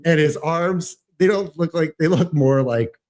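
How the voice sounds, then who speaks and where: A man co-hosting a podcast whose voice sits a bit high. He tells stories in loose, rambling chat, full of fillers and restarts, and laughs often as he goes. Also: unhurried, darkish tone. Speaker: podcast co-host. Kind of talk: casual chat.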